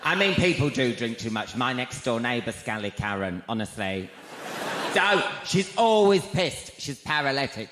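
A man doing a gossipy, camp stand-up routine, his voice jumping to high shrieks. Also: sing-song, moderate pace, noisy background. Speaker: stand-up comedian. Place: large arena before a live crowd. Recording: echoey arena, loud crowd laughter. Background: audience laughter.

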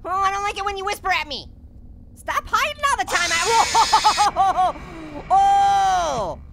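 Annoying Orange, a squeaky hyper talking orange. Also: male voice, big pitch swings, fast, sharp tone, a little hiss or hum, heavily acted. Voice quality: squeaky, sped-up cartoon voice. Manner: punning, jumpy, giggly, yelps at scares. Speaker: gaming host. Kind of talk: comedic let's-play commentary.

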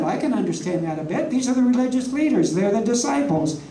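A preacher teaches from slides, landing key words slowly and emphatically and asking the room rhetorical questions. The tone is mellow and dark. The voice is caught from a distance in an echoey room, with a faint hum underneath. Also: medium pitch, lively intonation. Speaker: preacher teaching a ministry class. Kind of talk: sermon with slides.

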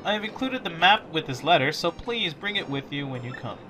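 A man voicing Princess Peach, sweet and high. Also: big pitch swings, brisk, noisy background. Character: gracious young princess writing a letter.

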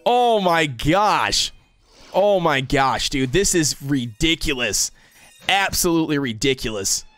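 A man's voice: fairly high pitch, big pitch swings, takes it slowly, fairly bright tone. Hyped young male gaming streamer. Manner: hyped, says dude and bro constantly. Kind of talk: excited livestream gacha reaction.

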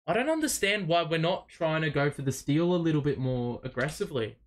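A young man hosting a live fan watch party, calling the plays as an excitable, exasperated fan who swears freely. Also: a little high, brisk. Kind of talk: live fan play-by-play commentary.

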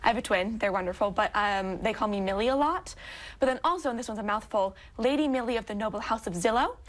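A teenage girl from Oregon with a slightly high voice, answering interview questions casually. She talks in a chatty, playful way, dropping in the odd filler. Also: fast. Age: teens. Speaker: interview guest.

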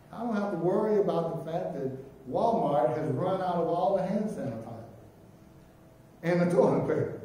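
High, animated preacher in an echoing church. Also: male voice, a little hiss or hum. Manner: animated preaching, swinging from loud to very soft. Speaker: pastor. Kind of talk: sermon. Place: church sanctuary. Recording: very echoey church room from a distance.

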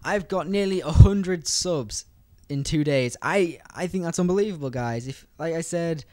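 A young British man giving fast, rambling gameplay commentary and talking straight to his viewers. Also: on the high side, expressive, a little mellow, no echo, studio quality. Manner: fast, rambling, chatty, addresses viewers directly. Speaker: gaming YouTuber.

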